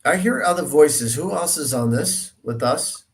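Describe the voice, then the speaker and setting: A man's voice: a little high, animated, unhurried, slight background noise. A man cold calling as a real estate agent, chatting and teasing on a video call. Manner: playful, teasing, joking. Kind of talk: casual chat over a video call.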